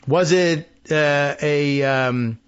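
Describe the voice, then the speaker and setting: A man's voice: fairly high pitch, extremely slow, clean tone, lo-fi sound. A man hosting a political talk show, reading news aloud with sarcastic asides and mock quotes. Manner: sarcastic, mocking, acts out imagined quotes.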